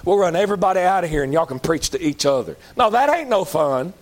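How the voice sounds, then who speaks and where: A male pastor preaching a folksy sermon that climbs to shouting. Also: high voice, expressive, fast.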